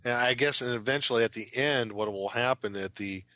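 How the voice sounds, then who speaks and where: A man's voice: medium pitch, fairly quick, pushed and bright, no room sound. A man co-hosting a casual tabletop game chat, joking and reacting with short laughs. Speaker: co-host and dungeon master. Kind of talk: casual chat about monster lore.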